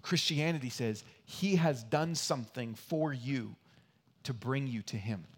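A man preaching a sermon as pastor, earnest and repetitive for emphasis, swinging between loud emphatic lines and quiet asides. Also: medium pitch, unhurried, husky. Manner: earnest, repeats key phrases for emphasis. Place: church.

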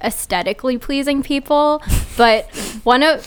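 A woman's voice: high-pitched, normal speed, clean tone. A woman co-hosting a podcast, telling a story in a rambling casual way with lots of fillers. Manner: rambling storytelling, heavy use of "like". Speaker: podcast co-host. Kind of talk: casual chat.

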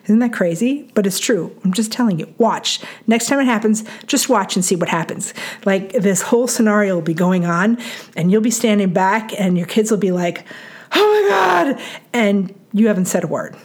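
A middle-aged woman giving parenting advice in a calm, chatty way, repeating points for emphasis. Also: mid-range voice, a little fast. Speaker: parenting coach. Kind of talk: solo advice talk.

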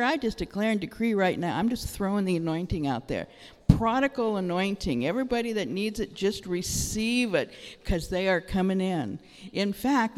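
A middle-aged woman gives an animated sermon testimony, telling her story with bursts of excited exclamation. Her voice rings out with a long reverb, like a large church hall. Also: lowish voice. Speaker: church speaker.

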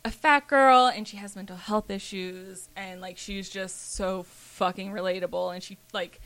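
A young woman leads a loose, animated podcast conversation, full of fillers and offhand swearing. Her voice sits at a middle pitch for a woman. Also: normal speed. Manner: chatty, animated, swears casually. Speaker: podcast host. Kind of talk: casual chat.

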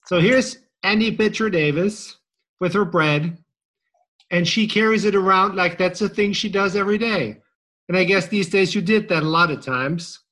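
A man's voice: sits high, moderate pace, bright, forceful tone. A man interviewing a guest in casual conversation, setting up questions playfully.

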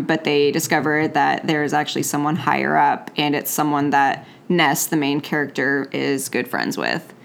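A young woman co-hosting a comics podcast in casual chat, loose and joking with frequent laughs. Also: low-pitched.

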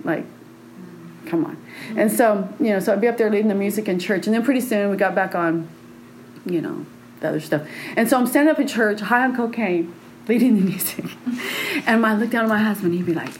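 A woman's voice: mid-range voice, a little hiss or hum, poor audio. Frank, rambling woman telling a story. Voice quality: laughs often, meandering and frank. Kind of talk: personal storytelling.

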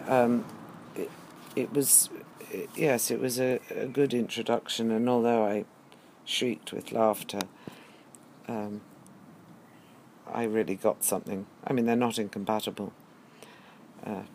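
A middle-aged man musing aloud in a slow, hesitant monologue with many pauses and ums. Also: on the low side, a little mellow, a little hiss or hum. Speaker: teacher. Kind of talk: reflective spoken monologue.

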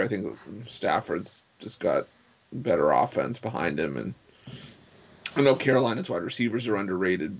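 Low-voiced man with a muffled mic. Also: vocal fry. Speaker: panelist. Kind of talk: casual group chat.

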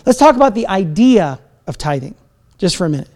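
A man's voice: high voice, big pitch swings, a little fast, darkish tone. A man preaching a sermon as pastor, talking in a conversational, self-deprecating way with asides and laughs.

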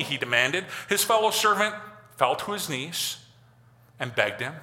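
A pastor giving a conversational, animated sermon, acting out quotes as he goes. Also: high voice, a little slow. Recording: long hall reverb.

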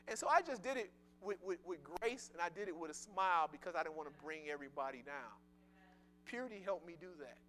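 Somewhat high-voiced and fairly quick, this man gives a sermon built on his own testimony with lively intonation. He talks conversationally but with emphasis, repeating words and shifting between loud proclamations and quiet murmurs.

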